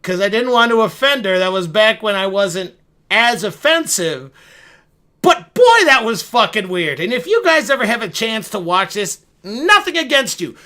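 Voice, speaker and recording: Young dude with a high bright voice, rambling and swearing, making fun of himself. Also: male voice. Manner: rambling, profane, self-mocking. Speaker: video creator. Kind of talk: casual storytelling monologue.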